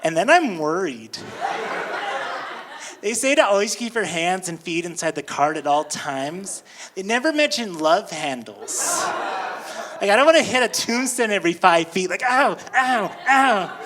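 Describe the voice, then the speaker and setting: A man doing stand-up comedy, telling a story on stage with lively delivery, breaking into high squealing voices when he quotes people. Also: normal speed, noisy background.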